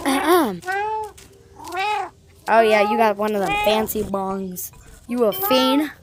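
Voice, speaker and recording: A woman's voice: medium pitch, lively intonation, takes it slowly, very noisy. A woman voicing a cheeky house cat who talks in slang, teasing and playful, as a comic voice-over for a pet video. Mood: baffled.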